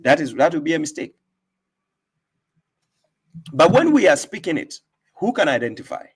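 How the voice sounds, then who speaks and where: A man's voice: on the high side, very animated, normal speed, breathy edge. Emphatic man lecturing on a live stream. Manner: emphatic, lecturing, asks listeners rhetorical questions. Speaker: host giving talks on religion. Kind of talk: casual debate on a live stream.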